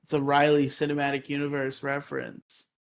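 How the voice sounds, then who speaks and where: A man in casual podcast chat, excitable, laughing often and saying "like" constantly. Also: on the high side, a little fast. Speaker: podcast co-host.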